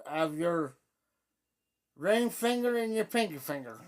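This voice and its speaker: A middle-aged livestream host telling a story in a casual way, repeating phrases and acting out quoted speech loudly. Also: medium pitch, expressive, measured pace.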